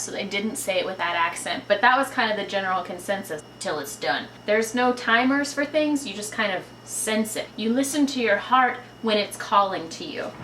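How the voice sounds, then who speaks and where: A woman's voice: medium pitch, sharp tone, echoey room, a little hiss or hum, poor audio. A young woman hosting a casual home cooking video, playful and jokey with chatty asides as she bakes in her kitchen.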